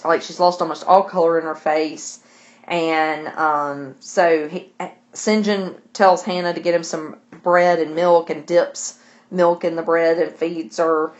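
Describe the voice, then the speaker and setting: A woman teacher casually retelling a novel's chapters for her class, chatty, with asides to listeners. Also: lowish voice. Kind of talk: casual book discussion lesson.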